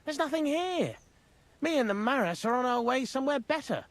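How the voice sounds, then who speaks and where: An actor playing a rough, cheerful miner in a video game, talking in thick miners' slang. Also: male voice, extremely high pitch, animated, brisk, no room sound.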